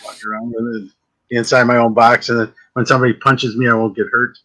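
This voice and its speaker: A man, a psychic medium guest, chatting casually and telling jokey stories with quick asides. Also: medium pitch, little pitch movement, pushed and bright, low-quality recording. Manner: joking storyteller, quick asides. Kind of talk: casual chat.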